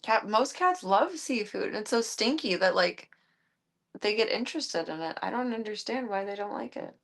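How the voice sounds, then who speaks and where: A woman's voice: mid-range voice, animated, normal speed, creaky. A woman live streamer at home, chatting casually and talking to her pets in an amused, baffled way. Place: at home with her cats and dogs.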